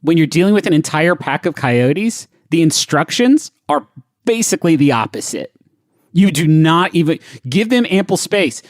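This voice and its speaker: Lively, higher-voiced man co-hosting comedy. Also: normal speed, no echo, clean studio sound. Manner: animated, riffing, sudden swoops in pitch. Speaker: podcast co-host reading questions. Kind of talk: casual comedic banter.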